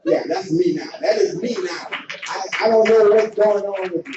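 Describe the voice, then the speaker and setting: High-voiced man hyping a comedy crowd. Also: moderate pace, darkish tone, slight background noise. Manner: hypes the crowd, sings a few lines. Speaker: open mic host. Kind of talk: stand-up emcee banter. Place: comedy club stage. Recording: echoey club heard from far off on a dull mic.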